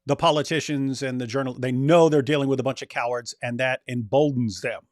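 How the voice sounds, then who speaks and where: A man's voice: mid-range voice, steady tone, a little fast, darkish tone, dry recording. Chatty man, dry close sound. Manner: loose, chatty, laughs often, puts on mocking voices. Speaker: co-host. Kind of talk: casual political chat.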